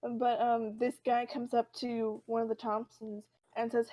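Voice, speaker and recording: A woman co-hosting a casual podcast, retelling a comic with animated voices for the characters. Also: on the high side, normal speed, hardly any pauses, muffled recording. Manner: animated storytelling, acting out characters' lines. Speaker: podcast co-host.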